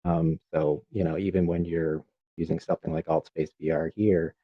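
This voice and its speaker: A man on a panel discussing education privacy law, careful and measured, with frequent ums. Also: very deep voice, little pitch movement, slightly rough, no echo, lo-fi sound.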